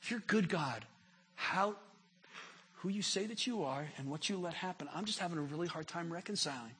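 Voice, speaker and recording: A pastor delivers an impassioned sermon, repeating words as he builds momentum and nearly shouting when he voices prayers. His voice is a little high and brisk, with slight background noise.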